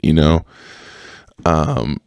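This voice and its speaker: Young male podcast host, low voice, dry close sound, profane rambling storyteller. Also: sing-song, drawn-out words, vocal fry, darkish tone, clear, resonant tone, dry recording. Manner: profane, rambling, full of fillers and self-corrections. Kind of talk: casual storytelling monologue.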